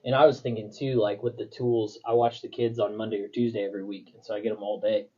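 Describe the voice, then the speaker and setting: A young man with a husky voice, chatting as a podcast co-host. He tells stories in a loose, rambling way, full of fillers. The recording sounds a little dull and lo-fi. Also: on the low side, little pitch movement, quick pace, warm tone. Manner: rambling, filler-heavy storytelling. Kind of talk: casual chat.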